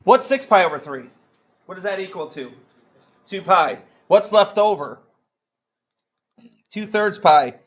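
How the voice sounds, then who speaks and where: A man's voice: high-pitched, expressive, measured pace, long pauses, poor audio. A man teaching a math class, joking around and quizzing students with countdowns. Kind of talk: classroom lesson.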